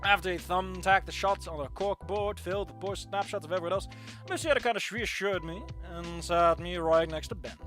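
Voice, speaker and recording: A streamer reading a visual novel aloud and commenting along with it, with animated, jokey reactions and loud squeals. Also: mid-range voice, fairly quick, soft background music.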